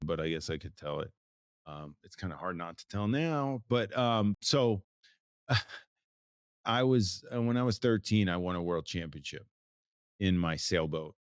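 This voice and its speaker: A man in his forties from the United States, speaking as an interview guest in a low voice. He talks in a loose, rambling way, circling back and restarting his sentences. The sound is dry and close to the mic. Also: no echo. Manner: rambling, with many restarts and fillers. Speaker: photographer, guest. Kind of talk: casual interview talk.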